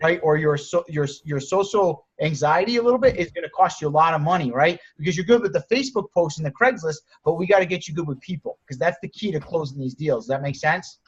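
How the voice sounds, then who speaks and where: A man's voice: fairly high pitch, fast, few pauses, slightly rough. A man coaching sellers on a group call, direct and encouraging, often restarting his sentences. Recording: muffled lo-fi audio.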